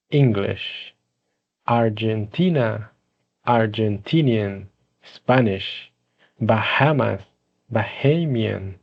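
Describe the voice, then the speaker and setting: Male language teacher, lower voice, deliberate pronunciation-drill delivery, lo-fi recording. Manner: slow, deliberate listing of words for learners. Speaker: English teacher.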